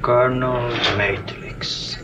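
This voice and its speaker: An actor playing a middle-aged male ex-dictator villain with a put-on Spanish accent, talking in a slow, labored way. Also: medium pitch, steady tone, close to an everyday voice. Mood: menacing. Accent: fake Spanish accent. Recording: film soundtrack with background noise.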